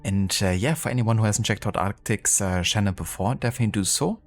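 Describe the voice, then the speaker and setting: A man's voice: fairly low pitch, brisk, soft background music. A man streaming a video game live, chatting casually and thanking viewers with many fillers. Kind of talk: casual live-stream chat while gaming.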